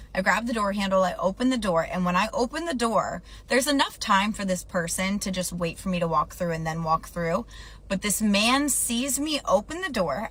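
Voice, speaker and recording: A woman's voice: medium pitch, fairly bright tone, slightly rough. A woman telling an exasperated storytime about a pet peeve. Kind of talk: storytime rant.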